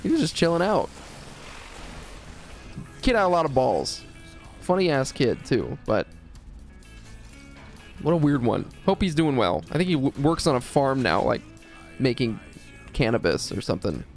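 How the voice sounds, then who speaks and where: A man's voice: medium pitch, big pitch swings, normal speed, pauses often, faint music behind. A man from the United States streaming live and rambling through a profane, joking story. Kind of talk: casual storytelling.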